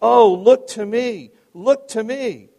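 Essex lay preacher, put on by a man, fervent, repetitive, pleading, high-pitched, long reverb. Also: slow pace, vocal fry, full character voice. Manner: fervent, repetitive exhortation, rising to shouts. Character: uneducated working-class male lay preacher, pleading.

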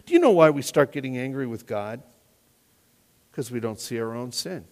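A man preaching a sermon as pastor, earnest and questioning, often dropping to quiet emphasis. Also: mid-range voice, lively intonation, moderate pace, pauses often. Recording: echoey hall reverb.

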